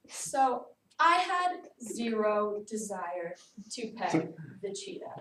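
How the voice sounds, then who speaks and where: A young woman giving a personal narrative speech to a class, lively and casual, often saying "like". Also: on the high side. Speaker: student speaker. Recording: echoey room, far mic, faint noise.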